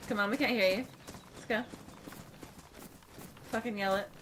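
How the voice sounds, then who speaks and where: A woman's voice: medium pitch, fairly even intonation, moderate pace, fairly bright tone, slight background noise, poor audio. A woman teasing and laughing crudely with friends during game role-play. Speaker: roleplay player. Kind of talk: casual in-game roleplay banter.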